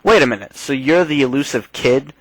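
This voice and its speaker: A man's voice: mid-range voice, brisk, dry recording, natural voice, poor audio. A man voicing a scheming goblin boss, reading game dialogue aloud in a mocking, gloating way.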